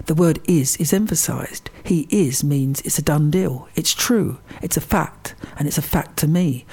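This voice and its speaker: Gravelly, husky man teaching slowly. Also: on the high side, darkish tone. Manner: slow and deliberate, stressing single words. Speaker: Christian meditation teacher. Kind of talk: reflective teaching talk.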